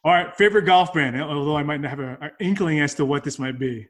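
A man hosting a casual golf interview, upbeat and quick to laugh. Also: fairly high pitch. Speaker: podcast host.

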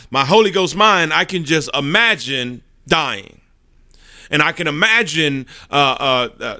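A man's voice: medium pitch, bright, forceful tone, no room sound, studio quality. A man preaching a sermon, telling a vivid courtroom story and often repeating words as he goes.

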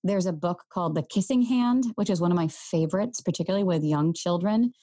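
A woman in her thirties hosting a parenting podcast, talking earnestly and gently straight to her listeners. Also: lowish voice, a little fast, no echo. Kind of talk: solo podcast talk.

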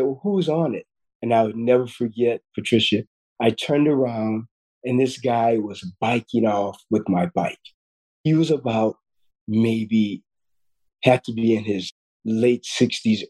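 A surgeon in his fifties appears as a podcast guest, speaking earnestly in a mid-pitched voice that is dark and mellow. Recounting a personal story, he frequently restarts and repeats words. The audio quality is poor.

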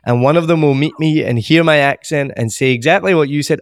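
Soft-spoken Scottish man, slow and clear. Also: a little high, no room sound, clean studio sound. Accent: soft Glaswegian Scottish. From Scotland. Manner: slow, carefully enunciated storytelling. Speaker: guest, comedian. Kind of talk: casual podcast interview.

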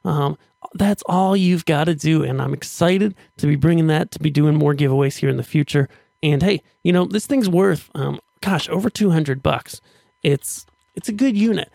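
A man's voice: moderate pace, gravelly, darkish tone, dry recording, studio quality. A man hosting a podcast, in an upbeat, chatty monologue that promotes the show's offers. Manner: upbeat, chatty, with restarts while pitching offers. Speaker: podcast host.

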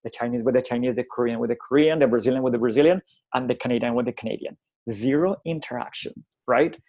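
A man's voice: medium pitch, fast talker. A middle-aged man from Colombia, a native Spanish speaker, speaks in a mid-range voice. He tells stories from his teaching work in a conversational way. He acts out the dialogue and keeps checking in with "right?". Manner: animated, acts out dialogue, frequent tag "right?". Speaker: college instructor and guest. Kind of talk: conversational storytelling.

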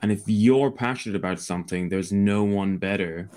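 A very deep-voiced man with a Scottish accent talks as a podcast guest. He explains his views fluently and with confidence, in an easy conversational tone. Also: moderate pace, darkish tone. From Scotland. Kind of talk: casual interview.

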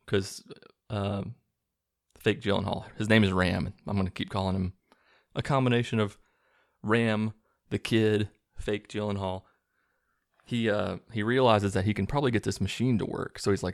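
A man casually recapping a movie plot with a sarcastic edge, acting out the characters' lines in quick bursts. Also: lowish voice, fairly even intonation, vocal fry, dry recording, clean studio sound. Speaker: movie reviewer recapping a film.

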